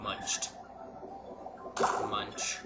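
A gamer giving casual let's-play commentary, muttering to themself with sudden yelps and cheers. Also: drawn-out words. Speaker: gameplay commentator. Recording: loud background noise.

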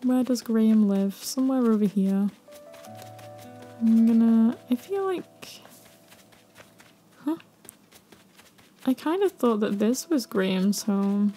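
A young woman talks through a cosy game in a gentle, slightly high voice. Her tone is mellow and warm, cheerful and gushing, with the occasional hushed whisper. She is close to the mic. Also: animated, slow, pauses often, faint music behind. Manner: soft, cheerful and gushing, with quiet whispered asides. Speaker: gaming video creator. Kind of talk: cosy gameplay commentary.

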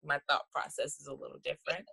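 Lively, bright-voiced woman podcast host. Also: deep voice, fast, gravelly, slightly rough. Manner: animated, slangy, calls guest "girl". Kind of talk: casual interview chat.

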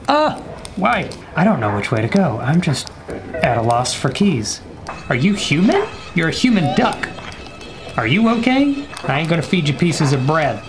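A young man casually commenting while playing a horror game, joking with the game and his viewers and sometimes dropping to a whisper. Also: on the high side. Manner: jokey, talks to the game and viewers, whispers when scared. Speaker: gaming YouTuber.

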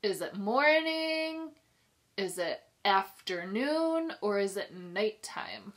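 A woman pre-K teacher reading a picture book aloud to young children, sing-song and expressive, pausing to ask them questions. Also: mid-range voice. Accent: New York. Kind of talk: children's storybook read-aloud.

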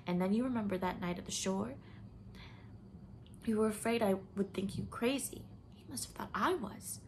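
A woman's voice: mid-range voice, moderate pace, slight background noise, lightly acted. Woman reading as a young woman in shameful confession. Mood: anguished. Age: young adult. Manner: emotional, at times dropping to a whisper.

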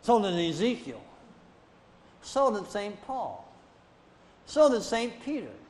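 A male pastor preaching a sermon in a church, with a lively delivery that swings up into loud rhetorical questions. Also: high-pitched, slow pace. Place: church sanctuary. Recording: long reverb of a church sanctuary.

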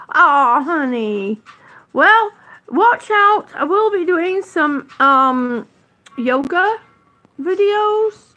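Slow high-pitched middle-aged lady chatting to her stream, a bit out of breath, calls everyone honey. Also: animated, sharp tone. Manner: chatty, affectionate, drawn-out vowels. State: a little out of breath. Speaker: vlogger on oxygen. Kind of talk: live-stream chat with viewers.

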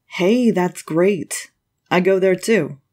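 A woman voicing a friendly, easygoing teenage male surfer in a chatty, relaxed way. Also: on the low side, slow pace.

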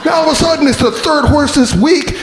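A man doing a stand-up comedy set on a club stage, animated and quick to jump into silly high character voices. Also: gravelly, faint music behind. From Beaverton. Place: comedy club stage before a live audience. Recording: roomy club sound with crowd laughter.

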